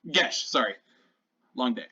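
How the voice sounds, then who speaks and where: A man's voice: medium pitch, lively intonation, unhurried, sharp tone, husky. A man running a tabletop game as dungeon master, narrating loosely with lots of fillers. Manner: loose, chatty, many fillers. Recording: slightly dull lo-fi sound.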